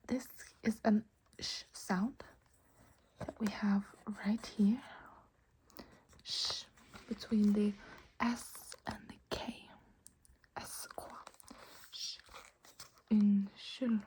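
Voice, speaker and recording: A woman whispers an ASMR lesson very close to the microphone. Her voice is soft and mellow, and she patiently repeats each word at an unhurried, slow pace. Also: on the high side, steady tone, a little hiss or hum. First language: Norwegian. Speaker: language teacher.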